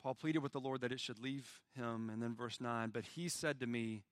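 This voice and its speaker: A man preaching a sermon as pastor, swinging from loud pleading lines to hushed, quiet ones. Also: medium pitch, normal speed, few pauses, no room sound, studio quality.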